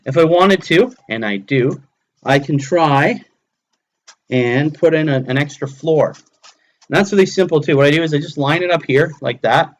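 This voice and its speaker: A man's voice: on the high side, normal speed. Chatty man narrating his hobby craft. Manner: chatty, talks himself through each step. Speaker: hobbyist live streamer. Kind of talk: casual live-stream commentary while crafting. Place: home hobby table.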